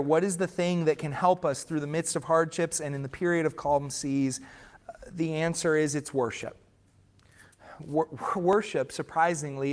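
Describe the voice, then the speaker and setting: A man preaching a sermon as pastor, earnest and emphatic, sometimes restarting words mid-phrase. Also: on the high side. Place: church sanctuary.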